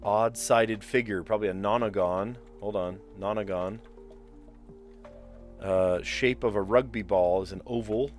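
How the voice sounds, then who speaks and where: A man's voice: lowish voice, fairly even intonation, a little slow, faint music behind. A man live-streaming word puzzles, thinking aloud as he mutters guesses and chats with viewers. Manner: chatty with viewers.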